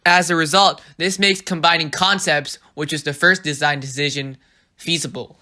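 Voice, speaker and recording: Narrator for a language lesson, bright tone, steady explanatory read, voice-over. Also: mid-range voice, moderate pace. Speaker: teacher. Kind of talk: scripted narration.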